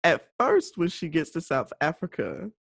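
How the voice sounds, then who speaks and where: A woman's voice: moderate pace, vocal fry, slightly rough, no echo. A woman co-hosting a podcast, joking and acting out her own reactions while reviewing a movie. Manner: expressive, jokey, leaps up in pitch when acting out reactions. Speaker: podcast co-host. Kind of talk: casual movie review chat.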